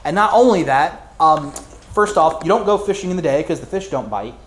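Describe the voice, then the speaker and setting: A man's voice: on the high side, lively intonation, moderate pace, close to an everyday voice. A preacher voicing a weary, sarcastic fisherman. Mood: exasperated. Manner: sarcastic, grumbling complaint. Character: exhausted, exasperated grown fisherman.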